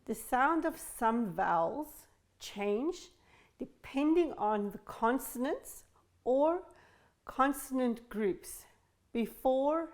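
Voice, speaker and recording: A woman from Tunisia leads an English lesson for learners. She speaks slowly and carefully, stressing each sound clearly, and her voice sits a little high. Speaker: English teacher.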